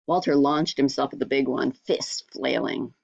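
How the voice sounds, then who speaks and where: A woman reading a storybook aloud in a steady, measured way. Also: very deep voice, gravelly, breathy edge, dry recording, highs cut off. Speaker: audiobook reader. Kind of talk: storybook narration.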